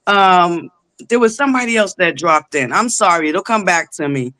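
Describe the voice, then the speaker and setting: A woman hosting a casual live stream, greeting viewers by name with shout-outs. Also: on the low side, animated, moderate pace. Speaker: livestream host.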